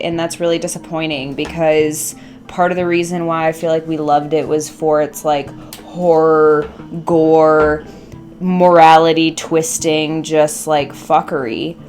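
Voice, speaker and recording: Young adult woman vlogger, low-set voice, loose and chatty, swears offhand, soft music underneath. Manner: chatty, playful, swears casually, talks to herself. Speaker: craft vlogger. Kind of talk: casual chat while arranging flowers. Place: home workstation.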